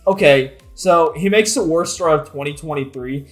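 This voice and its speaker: A man commentating his own competitive video game match, excitable, with frequent swearing and frustrated outbursts. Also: a little high, moderate pace, soft background music. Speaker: gaming YouTuber.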